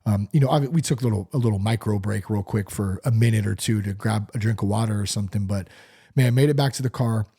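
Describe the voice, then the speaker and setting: A man's voice: fairly low pitch, fast talker, mellow, breathy edge. A man hosting a casual solo podcast, talking loosely with lots of fillers and some swearing. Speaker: podcast host.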